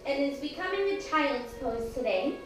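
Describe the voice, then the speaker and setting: High-voiced woman leading kids' yoga. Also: expressive, moderate pace. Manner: gentle, coaxing, talks to small children. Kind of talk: guiding children through yoga with a story. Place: preschool classroom. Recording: echoey room, far from mic, music behind.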